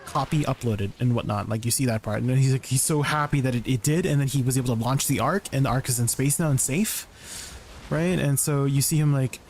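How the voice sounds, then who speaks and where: A man streaming live, chatting casually to his viewers in a rambling, excitable way, full of restarts and filler words. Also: mid-range voice, brisk, a little hiss or hum.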